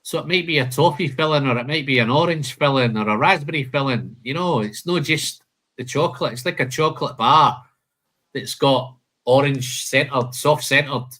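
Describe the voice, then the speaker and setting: A man's voice: mid-range voice, normal speed, pushed and bright. A man hosting a live whisky tasting, listing flavour notes and chatting casually, calling people "man" and "mate".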